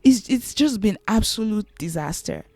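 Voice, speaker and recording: A woman's voice: mid-range voice, lively intonation, normal speed, vocal fry, warm tone, no echo, faint music behind. A young woman vlogging her opinions, exasperated and rhetorical, repeating her questions for emphasis. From Nigeria. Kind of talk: opinionated commentary to camera.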